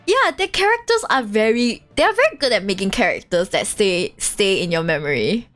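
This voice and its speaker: A young woman streaming a game, chatting casually in an animated, giggly way. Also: mid-range voice, fairly quick, soft background music. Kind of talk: casual let's-play chat.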